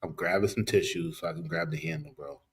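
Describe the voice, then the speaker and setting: A man's voice: sits low, big pitch swings, fast, gravelly, fairly bright tone, slightly rough. A man co-hosting a podcast in a studio, chatting casually in blunt, profane, slang-heavy talk. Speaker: podcast co-host. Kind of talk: casual chat, storytelling.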